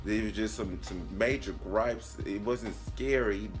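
Sassy young man with faint music behind. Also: measured pace. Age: late 20s. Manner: sassy, animated, calls the viewer honey, jumps into a high voice when quoting himself. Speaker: vlogger reviewing a movie. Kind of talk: casual movie review.

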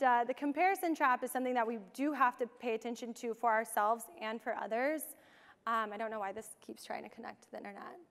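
A woman's voice: a little high, gravelly, fairly bright tone. A young woman giving a casual conference talk, full of ums and you-knows. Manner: casual, many fillers like um and you know. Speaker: conference speaker. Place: large conference hall. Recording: long hall reverb.

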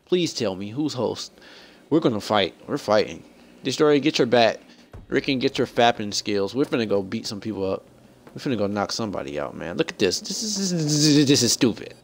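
A young man live-streaming a shooter game, reacting to the match and chatting with viewers and teammates, getting frustrated and excitable. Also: on the low side, fairly quick, vocal fry. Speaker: gaming streamer. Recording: faint background noise.

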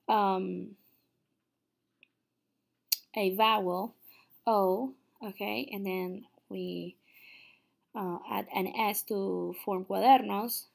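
A woman's voice: medium pitch, creaky. A young adult woman teaching a recorded online lesson, patient and explaining step by step, often checking in with "okay?". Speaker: Spanish teacher.

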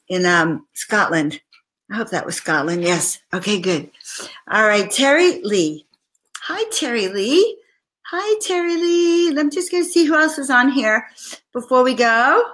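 Middle-aged woman doing live card readings, bright voice, gushy and chatty, calls out viewer names. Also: mid-range voice. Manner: effusive, chatty, addresses viewers by name. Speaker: spiritual card reader and host.

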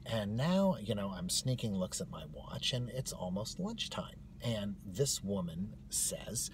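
A man telling a comic personal story in a wry, animated way. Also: lowish voice, a little slow, few pauses, a little hiss or hum.

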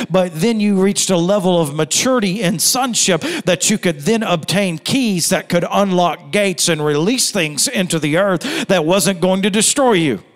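A man's voice: high voice, big-room sound. A middle-aged man pastor preaching a sermon, emphatic, with repeated phrases and rhetorical questions. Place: church hall.

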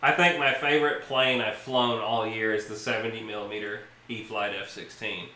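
A man's voice: lowish voice, steady tone, normal speed, pushed and bright, reverberant. A man co-hosting a livestream, talking in an easygoing, enthusiastic way. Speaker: livestream co-host. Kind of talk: casual chat.

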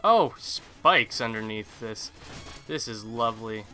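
A man's voice: lowish voice, animated, takes it slowly, pushed and bright, faint music behind. A man giving casual, rambling let's play commentary, chatty and self-deprecating as he plays. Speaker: gaming channel host.

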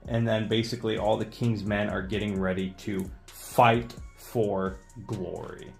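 A man's voice: fairly low pitch, steady tone, unhurried, vocal fry, soft background music. A man reading a comic book aloud in a casual read-along, recapping in an enthusiastic, rambling way.

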